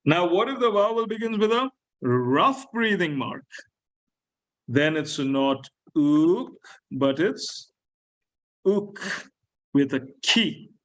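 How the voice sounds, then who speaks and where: A man lecturing a class on Greek grammar, slowly repeating key words and asking his students questions. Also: fairly high pitch, expressive, low-quality recording. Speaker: Greek teacher.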